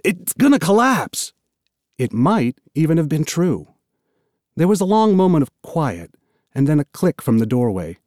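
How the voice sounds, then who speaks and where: A man narrating an audiobook in an expressive, storytelling manner. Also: on the high side, moderate pace, no echo, studio quality. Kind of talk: scripted narration.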